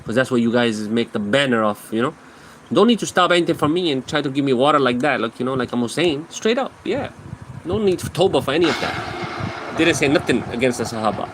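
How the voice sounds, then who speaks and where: A man's voice: mid-range voice, lively intonation, fast talker, noisy background. A man giving brash, slangy, taunting reaction commentary on clips.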